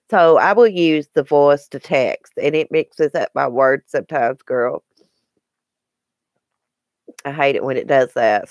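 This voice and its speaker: A woman's voice: low-pitched, no room sound, clean studio sound. A woman with a Southern American accent hosting a casual live stream, chatting and answering viewer comments by name.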